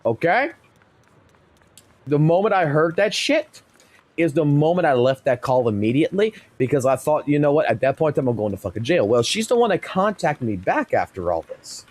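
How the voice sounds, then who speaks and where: A man's voice: a little high, sing-song, normal speed, long pauses, a little mellow, no echo. A man in his thirties telling a story on a live stream, blunt and heated, swearing constantly.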